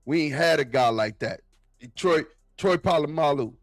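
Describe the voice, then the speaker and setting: Man, casual sports talk, excitable, slightly high voice, repeats himself. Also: moderate pace, no room sound, soft background music. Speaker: football podcast guest.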